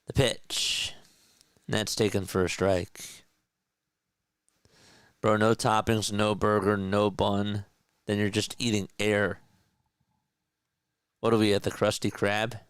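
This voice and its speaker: A man with a South Jersey accent calls a ball game at an unhurried, easy pace, trading jokes with his chat between pitches. His voice sits a little low and comes through smooth and clean, with a dry, close sound. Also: little pitch movement, no echo. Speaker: play-by-play streamer. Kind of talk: casual play-by-play commentary.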